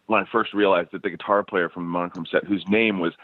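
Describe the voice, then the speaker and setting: A man's voice: deep voice, fast, dry recording. A man telling stories as a musician guest in a casual interview, laughing often and restarting his sentences. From United States. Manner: animated storyteller, laughs often, many restarts. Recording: tinny phone line.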